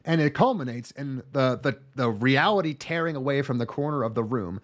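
A man's voice: mid-range voice, lively intonation, a little fast. A man co-hosting a podcast, recapping an anime in casual, joking, profane chat. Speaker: podcast co-host reviewing an anime.

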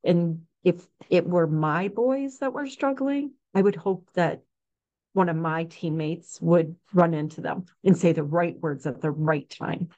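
A woman's voice: on the low side, a little slow. A woman in her forties, a neonatal nurse practitioner, telling stories frankly in a casual interview and acting out what people said. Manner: frank, animated, acts out quotes, many fillers. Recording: dull lo-fi sound.

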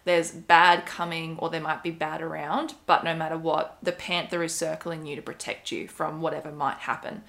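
A woman's voice: sits low, little pitch movement, normal speed, gravelly, hardly any pauses, fairly bright tone. A young woman casually telling a personal story, rambling with many fillers and quoted asides. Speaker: podcast co-host.

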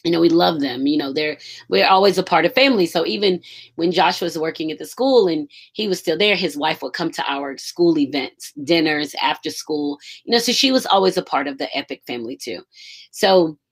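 A woman on a school staff tells a story in a loose, conversational way. Her voice sits a little low, and she sounds moved and animated, with a curse word here and there. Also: brisk, breathy edge. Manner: emotional, animated, casual with swearing. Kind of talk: casual storytelling.

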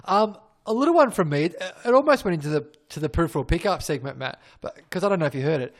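A man co-hosting a casual chat, making wry jokes and giving quick short agreements. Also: fairly high pitch, lively intonation. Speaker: podcast co-host.

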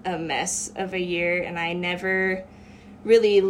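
Female podcast guest, lower voice, reflective personal storyteller, casual and earnest. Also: steady tone, unhurried, a little hiss or hum. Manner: earnest, reflective, with many fillers like "um" and "like".

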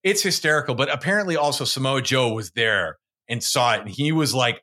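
Bright-voiced laughing podcast host man. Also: medium pitch, animated, fairly quick, hardly any pauses. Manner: laughs often, restarts in bursts. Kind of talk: casual chat.

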